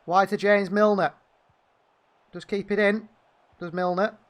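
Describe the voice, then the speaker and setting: A man's voice: high voice, steady tone, measured pace. A man giving partisan live fan commentary on a football match, calling the play and venting at the referee. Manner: partisan, indignant outbursts at the referee.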